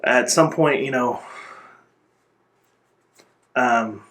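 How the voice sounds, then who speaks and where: A man being interviewed, telling his own life story in an earnest, reflective way and pausing now and then to gather his words. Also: mid-range voice, a bit bright. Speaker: interview guest.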